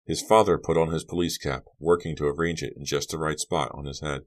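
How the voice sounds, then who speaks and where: A man narrating an audiobook in an even, measured storytelling voice. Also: a bass voice.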